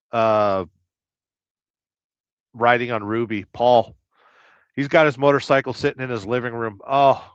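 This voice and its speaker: A man hosting a livestream, chatting casually and reading viewer comments with rambling, deadpan jokes. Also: mid-range voice, no echo. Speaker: livestream host. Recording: dull lo-fi dry sound.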